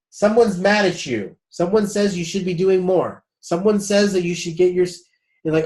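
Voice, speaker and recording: A man's voice: high-pitched, normal speed, a little mellow. A man leading a spiritual group session in a loose, chatty way, swearing casually and calling the group guys. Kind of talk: casual group coaching talk.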